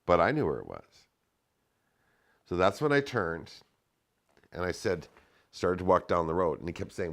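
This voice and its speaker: Animated man telling a story. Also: low-pitched, moderate pace, pauses often. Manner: animated, profane, acts out shouted quotes. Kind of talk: casual storytelling.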